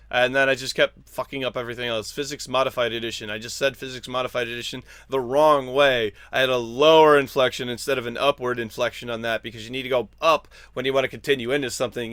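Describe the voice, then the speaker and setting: A man's voice: medium pitch, smooth, dry recording. Dry-miked American man hosting gaming news. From United States. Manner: lively, rambling and self-deprecating in casual parts. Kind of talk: scripted news read then casual chat.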